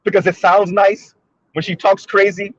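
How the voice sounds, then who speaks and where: A man's voice: high-pitched, little pitch movement, normal speed, dull audio. A man hosting a commentary monologue, pressing his points with repeated rhetorical questions. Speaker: commentary video host.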